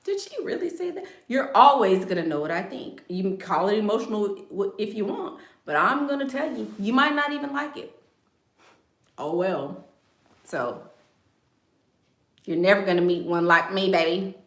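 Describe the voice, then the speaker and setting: A woman's voice: mid-range voice, normal speed, long pauses, fairly bright tone, echoey room. A woman chatting casually on a live stream. She talks bluntly and with confidence, and she repeats her phrases for emphasis. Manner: blunt and self-assured. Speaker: online content creator.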